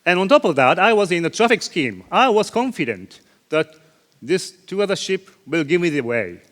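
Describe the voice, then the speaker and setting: Guy telling his sea story at a conference, voice goes all over the place, slightly high, big hall echo. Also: normal speed. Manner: animated storytelling with sound effects and self-deprecating laughs. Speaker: ship captain giving a conference talk. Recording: long reverb of a large hall.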